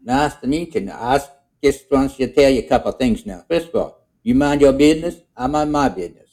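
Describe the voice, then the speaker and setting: A man's voice: medium pitch, lively intonation, brisk, darkish tone, voice pushed up. A man voicing a bossy male frog who talks with folksy broken grammar. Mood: folksy, boastful.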